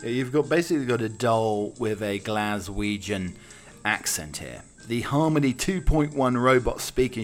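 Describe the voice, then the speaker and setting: A man's voice: mid-range voice, animated, normal speed, faint music behind. A man hosting a podcast, riffing jokingly with lots of fillers and restarts. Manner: rambling, jokey, filler-heavy. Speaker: podcast host. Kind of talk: casual solo commentary.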